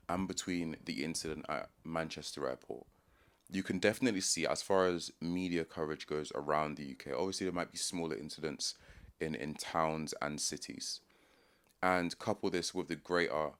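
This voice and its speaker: A young man with a London accent talks through his views in a loose, unscripted monologue. His voice sits very low, and he often stops, restarts and reworks a sentence as he goes. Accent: London English. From London, England. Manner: thinking aloud, restarts and pauses mid-sentence. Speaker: video commentator. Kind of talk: casual opinion monologue.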